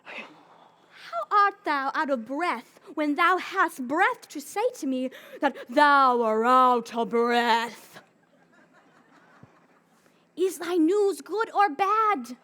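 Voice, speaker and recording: An eager, lovestruck young girl pleading for news, played by a woman on an outdoor Shakespeare stage. Her voice sits very high and swings widely in pitch. She speaks at a deliberate pace. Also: lively intonation, pushed and bright, heavily acted. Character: impatient young female lover, eager, lovestruck. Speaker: stage actor.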